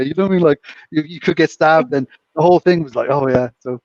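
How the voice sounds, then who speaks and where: A man's voice: fairly high pitch, brisk, dry recording, far from the mic, lo-fi sound. A man co-hosting a casual chat, telling a long, rambling anecdote and chuckling through it. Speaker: co-host.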